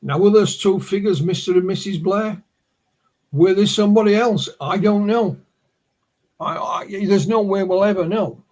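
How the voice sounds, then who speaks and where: The guest researcher, a man with a northern English accent, recounts a case in story form during a podcast interview. His high voice carries a darkish tone at a moderate pace, with many restarted words.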